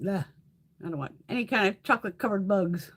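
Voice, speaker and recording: A woman's voice: mid-range voice, fast talker. A woman hosting a beauty livestream, chatting casually and telling stories with lots of swearing. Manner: animated storytelling with frequent swearing. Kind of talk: casual chat.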